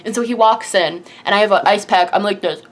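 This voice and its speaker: A woman's voice: mid-range voice, a little fast. Dramatic young woman telling a storytime. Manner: dramatic, breathless retelling, heavy use of "like". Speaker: vlogger. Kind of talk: storytime vlog.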